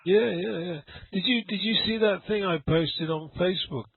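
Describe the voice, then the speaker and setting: A man teaching English in a relaxed conversation lesson, a chatty storyteller who laughs often. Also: high-pitched, moderate pace, gravelly, husky. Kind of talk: casual conversation lesson over a call. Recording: phone-like dry audio call.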